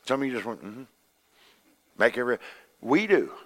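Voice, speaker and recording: A middle-aged man, a pastor preaching a sermon, animated, acting out voices in his stories and swinging between loud and soft. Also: mid-range voice, normal speed. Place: church sanctuary. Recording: long reverb of a church hall.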